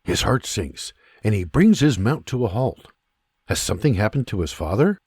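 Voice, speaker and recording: A man narrating a historical audiobook in an unhurried, expressive storytelling manner. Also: on the low side, breathy edge, dry recording.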